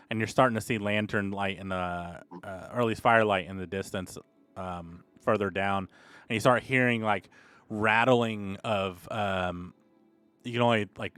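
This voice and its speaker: A man's voice: fairly low pitch, a bit bright, clean tone, no echo. A man narrating a tabletop game as game master, in loose, rambling speech full of fillers.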